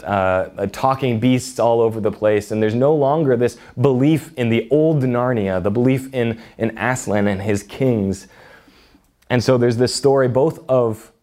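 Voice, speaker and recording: A man's voice: medium pitch, a little mellow. A man preaching, who reads a story aloud expressively and then reflects on it in an unscripted way, with some restarts. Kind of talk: reading a story aloud with religious commentary.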